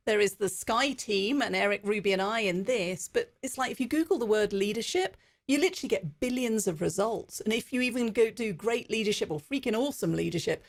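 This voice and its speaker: A woman podcast host talking through ideas in an earnest, reflective way. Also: medium pitch. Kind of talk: conversational interview.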